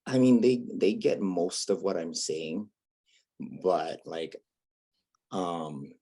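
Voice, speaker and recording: A man's voice: deep voice, expressive, slow pace, mellow. A man from Hawaii with a Hawaiian accent, chatting as a guest comedian in a laid-back, wry, self-mocking way. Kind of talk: casual interview chat.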